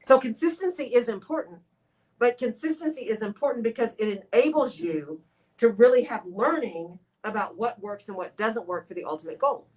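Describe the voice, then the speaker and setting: A woman with a lilt hosts a motivational radio talk. Her voice sits a little high, and she talks straight to her listeners in an expressive, animated way. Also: moderate pace, rough recording. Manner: expressive, talks to listeners as "y'all", acts out her own inner voice. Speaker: radio show host.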